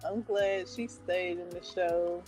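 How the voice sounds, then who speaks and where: A woman's voice: on the low side, fairly even intonation, slow pace, darkish tone, faint music behind, low-quality recording. A woman hosting her channel, chatting casually in a meandering, hesitant way with many fillers and restarts. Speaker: book club channel host. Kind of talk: casual chat.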